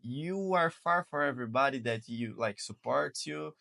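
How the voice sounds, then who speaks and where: A man's voice: mid-range voice, lively intonation, normal speed, creaky, sharp tone. A man from Brazil with a Brazilian Portuguese accent, speaking English as a second language as host of a casual chat, earnest and repetitive, often saying "man". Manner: earnest, repeats words and says "man". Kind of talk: casual conversation.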